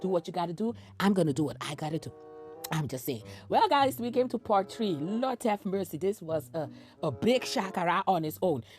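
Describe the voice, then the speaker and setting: A woman hosting a reaction commentary, animated and exclamatory, often breaking into laughter between remarks. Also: fairly low pitch, fairly quick, soft background music. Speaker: commentary channel host.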